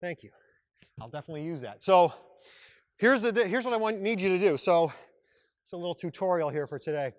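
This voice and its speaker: A man's voice: high-pitched, expressive, a little fast, pauses often. A man coaching a workout class as its instructor, upbeat and joking, breaking off mid-sentence now and then. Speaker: fitness instructor. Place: exercise room.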